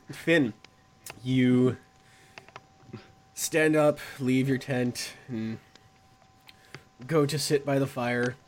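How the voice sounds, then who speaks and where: A man narrating a tabletop game as game master, slow and descriptive, with pauses and fillers. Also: medium pitch, fairly even intonation, a little hiss or hum.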